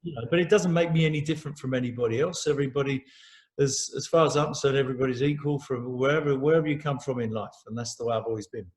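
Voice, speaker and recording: A man's voice: mid-range voice, rapid-fire. A middle-aged man chatting openly as an interview guest, rambling cheerfully with repeated words and easy laughs. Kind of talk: casual chat.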